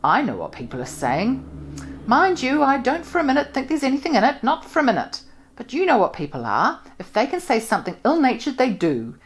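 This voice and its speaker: A woman reading aloud and voicing a blunt, loud, self-assured middle-aged spinster who gossips briskly. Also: sits high, huge pitch swings, pitched above the performer's own voice. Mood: blunt, gossipy.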